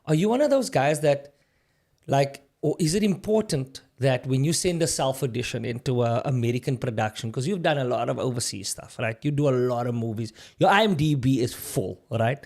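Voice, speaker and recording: A man hosting a podcast, asking questions in a loose, conversational way and often chiming in with quick agreement. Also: medium pitch, animated, creaky, darkish tone. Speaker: podcast host. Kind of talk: casual interview.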